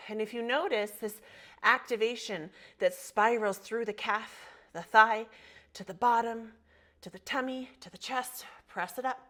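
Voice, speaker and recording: A woman's voice: a little high, unhurried, bright, forceful tone. A woman teaching a yoga class, cueing poses and breath with encouraging, motivational talk and spoken affirmations. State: slight frog in her throat. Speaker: yoga instructor. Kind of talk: guided yoga class instruction.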